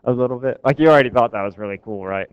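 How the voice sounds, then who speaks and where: A man's voice: medium pitch, rapid-fire, clear, resonant tone, no room sound. A man giving a physics lecture to a class, casual and joking with his students. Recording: dull, dry lecture recording.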